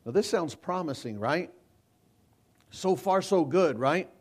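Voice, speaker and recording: A man's voice: on the high side, animated, slow pace. A male pastor preaching a sermon, emphatic and repetitive, his voice rising into cries when he quotes scripture. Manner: repeats and restarts words.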